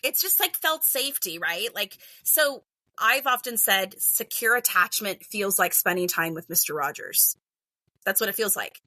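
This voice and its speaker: Middle-aged woman teacher on a podcast, super chatty, says like a lot, bright voice, dry mic. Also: medium pitch, moderate pace, no echo. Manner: chatty, animated, heavy use of "like". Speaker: podcast guest, kindergarten teacher. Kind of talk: casual podcast interview.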